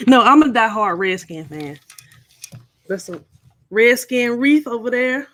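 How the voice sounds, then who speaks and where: A woman's voice: on the high side, expressive, slow pace, long pauses, fairly bright tone, no echo. A middle-aged woman hosting a casual live stream, chatting and playfully teasing viewers.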